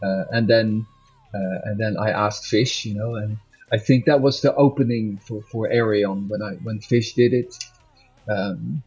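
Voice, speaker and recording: A man's voice: lowish voice, steady tone, a little slow, darkish tone, husky. A man talking casually in an interview as a musician guest, rambling and correcting himself, laughing often. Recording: dull lo-fi audio with faint music.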